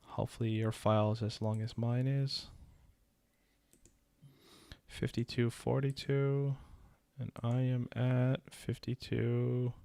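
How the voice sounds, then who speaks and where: A man's voice: medium pitch, little pitch movement, slow pace, creaky, pauses often, mellow, clean tone, no echo. A man co-hosting a casual podcast stream, loose and laughing as he thanks viewers in the chat. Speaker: podcast co-host.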